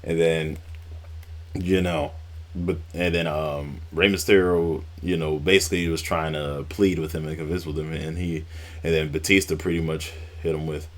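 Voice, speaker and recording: A man's voice: very deep voice, flat delivery, normal speed. A man casually recapping old wrestling storylines, rambling and swearing now and then. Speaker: wrestling YouTuber.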